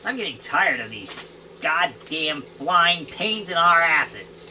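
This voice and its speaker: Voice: mid-range voice, sing-song, slow, sharp tone, far from the mic, slight background noise, full character voice. A game master voicing an exasperated cleric who curses about flying pests in a tabletop game. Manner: exasperated, cursing. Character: fed-up gruff cleric.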